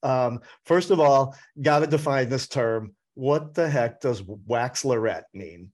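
A chatty man hosts his food podcast with an upbeat, playful delivery. His voice sits at a middle pitch and he leans on words for emphasis as he chats with his guest. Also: slow. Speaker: podcast and radio host. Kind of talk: casual interview chat.

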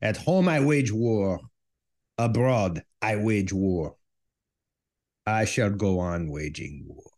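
A man's voice: fairly low pitch, animated, takes it slowly, long pauses, a little mellow. A man voicing a stern, belligerent older French statesman with a put-on French accent, declaiming each line grandly. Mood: declamatory.

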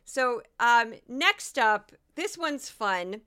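A woman from Missouri hosts her own podcast, chatting casually with a sarcastic, mocking edge. Her voice is bright and crisp, set a little high. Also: lively intonation, extremely slow. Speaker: podcast host. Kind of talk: casual solo podcast monologue.

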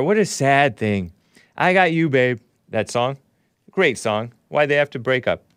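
A male talk radio host speaking into a close studio mic, his voice dry with no room sound around it. He reads out posts and answers them with scorn and sarcastic jabs. He drifts through rambling asides at a middling pitch. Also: fairly bright tone, clear, resonant tone, dry recording. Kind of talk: opinionated call-in radio talk.

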